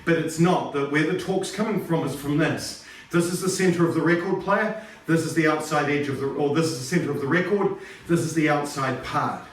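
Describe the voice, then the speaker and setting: A karate instructor teaching an informal lesson at home, explaining technique and counting repetitions aloud in sharp calls. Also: male voice, a little high, a little fast, slight background noise. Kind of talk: informal martial arts lesson. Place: home training room. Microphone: phone camera across the room. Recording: distant phone mic in an echoey room.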